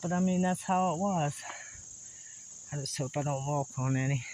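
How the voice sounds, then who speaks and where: A man's voice: fairly high pitch, normal speed, darkish tone, a little hiss or hum, rough recording. Breathless man hiking uphill. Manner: chatty, laughing, folksy rural speech. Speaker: vlogger exploring old sites. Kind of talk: casual on-camera narration while hiking. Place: wooded hillside outdoors. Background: insects and crickets.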